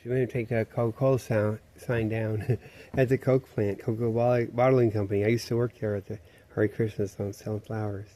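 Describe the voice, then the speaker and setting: A man's voice: fairly low pitch, flat delivery, fairly quick, warm tone. A man rambling through a profane, meandering, conspiratorial monologue.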